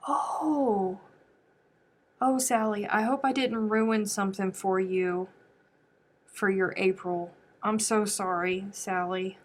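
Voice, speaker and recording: A woman's voice: medium pitch, takes it slowly. Chatty american woman crafting on a livestream. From United States. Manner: chatty, thinks aloud, answers viewer comments. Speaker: crochet livestream host. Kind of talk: casual livestream chat while crafting.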